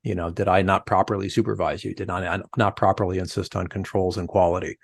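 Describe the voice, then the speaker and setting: A middle-aged man speaks as a podcast guest, his voice gravelly with a crackle of fry. The sound is dry and close-miked. He tells stories with energy and slips into other people's voices as he quotes them. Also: deep voice, fast talker, no echo. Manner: animated storyteller, acts out quoted voices. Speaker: podcast guest, leadership coach. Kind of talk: conversational podcast interview.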